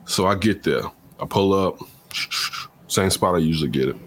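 A man in his early forties telling a story in casual chat, animated and jumping into loud retold exchanges. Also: low voice, normal speed, slight background noise. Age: early 40s.

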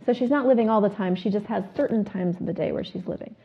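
A woman hosting a self-help talk show, asking her listeners questions and reciting a repeated clearing statement. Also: medium pitch, fast. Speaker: host. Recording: phone-like narrow sound.

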